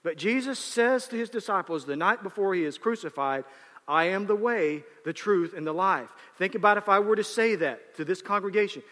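A man's voice: sits high, lively intonation, moderate pace, bright, forceful tone. A man preaching a sermon as pastor in a church, emphatic and repetitive, pushing into rising bursts. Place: church sanctuary. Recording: long hall reverb.

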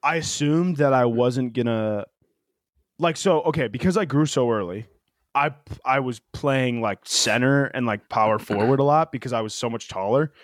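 A young man co-hosting a casual podcast, telling animated, joking stories and swearing freely. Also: medium pitch, normal speed, no room sound, studio quality. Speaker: podcast co-host. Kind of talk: casual chat.

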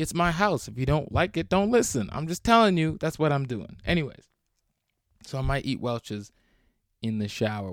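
A man's voice: medium pitch, dry recording, clean studio sound. A young man hosting a solo podcast, talking in a rambling, crude and jokey way. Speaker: podcast host. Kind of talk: solo casual chat.

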